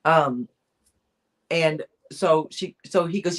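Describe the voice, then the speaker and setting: A woman's voice: low voice, slow pace. Rambling woman retelling a true crime story. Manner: rambling storyteller with many fillers and restarts. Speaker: co-host of a weekly chat show.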